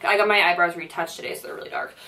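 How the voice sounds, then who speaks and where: A young woman vlogger telling a storytime tale in a lively way, full of "like" fillers, acting out what people said. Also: lowish voice, rapid-fire, recorded from a distance, a little hiss or hum. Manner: animated storytelling, many "like" fillers, acts out quotes. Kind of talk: storytime vlog.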